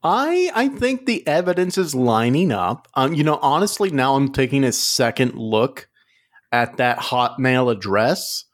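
A man co-hosting a casual comedy podcast, delivering mock-serious jokes in a deadpan way. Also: mid-range voice, unhurried. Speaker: podcast co-host.

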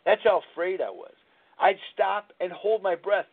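A man in his sixties hosts a live talk radio show and tells blunt personal stories, often restarting his sentences. His voice sits fairly high for a man. The sound is thin and tinny, as if heard over a phone line. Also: animated, normal speed, gravelly. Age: 60s. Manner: candid, rambling storytelling with frequent restarts.

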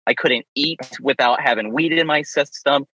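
A man's voice: medium pitch, moderate pace, pushed and bright, breathy edge, no room sound, low-quality recording. A man in his thirties who owns a pet care business, speaking frankly and openly about personal experience in a roundtable discussion, with self-deprecating humor.

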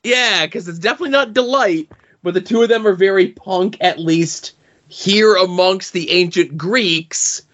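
A man with a slightly high voice talks through comic book panels on a podcast. He speaks in a measured way, thinking aloud as he goes. The sound is muffled and lo-fi. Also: fairly bright tone. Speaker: podcast co-host. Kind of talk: casual comic book chat.

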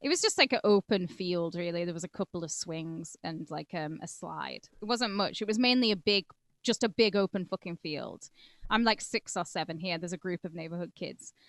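A woman's voice: lowish voice, animated, moderate pace, no echo. A woman co-hosting a true-crime podcast, talking casually and swearing freely. She moves between reading case notes and telling loose stories. Her voice sits close and dry against the mic. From England (Cumbria). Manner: chatty and profane, drifts between reading and joking. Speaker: podcast co-host.

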